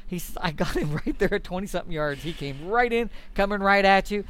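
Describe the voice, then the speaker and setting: A middle-aged man telling a story in conversation, animated and folksy, acting out quoted dialogue. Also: sits high, a little fast, a little hiss or hum. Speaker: guest elk hunter.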